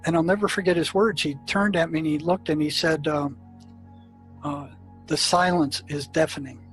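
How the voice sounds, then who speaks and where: A man's voice: on the high side, steady tone, moderate pace, a bit bright, low-quality recording. Older man recounting stories, faint music behind. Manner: anecdotal, many fillers and restarts. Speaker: psychiatrist telling his experiences. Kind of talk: storytelling in an interview.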